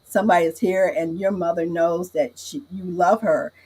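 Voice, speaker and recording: A woman's voice: fairly low pitch, steady tone, moderate pace, a little mellow, breathy edge, rough recording. A woman guest on a podcast telling a heartfelt story in casual chat, often repeating "I said".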